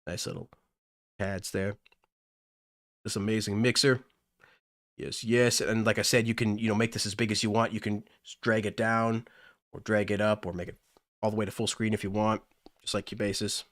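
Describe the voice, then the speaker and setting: A man's voice: lowish voice, little pitch movement, moderate pace, long pauses, fairly bright tone, no echo, clean studio sound. A man hosting a casual livestream, talking enthusiastically and gushing about music apps. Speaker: livestream host.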